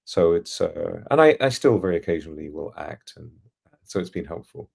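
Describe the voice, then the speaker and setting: Middle-aged English man, posh trained accent, very low gravelly voice, articulate anecdotal podcast guest. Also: expressive, fairly quick, darkish tone. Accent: standard English, trained by acting lessons. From England, East London. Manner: articulate, reflective, anecdotal, laughs now and then. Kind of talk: casual storytelling in an interview.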